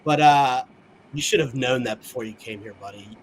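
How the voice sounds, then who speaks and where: A man's voice: medium pitch, moderate pace, slight background noise, rough recording. A man co-hosting a casual sports podcast, ranting angrily with heavy profanity. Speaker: podcast co-host.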